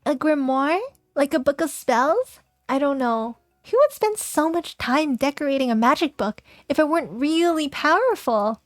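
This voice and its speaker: A woman's voice: high voice, lively intonation, moderate pace, no echo, studio quality, soft background music. A young woman streaming a game, chatting playfully and reading its text aloud, giggling often.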